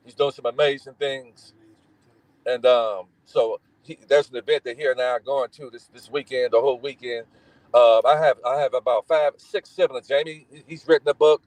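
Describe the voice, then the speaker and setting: A man's voice: medium pitch, dry recording, rough recording. A middle-aged man from Gary, Indiana, telling family stories in casual talk, acting out the voices of people in them. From Gary, Indiana, United States. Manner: animated, acts out voices in his stories. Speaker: guest. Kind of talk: casual storytelling.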